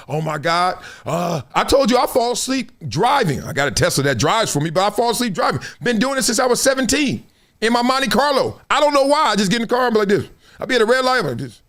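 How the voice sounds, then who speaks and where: A middle-aged man hosting a live sports talk stream, slangy and animated, acting out quotes as he tells stories. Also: very high-pitched, a little fast. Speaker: host.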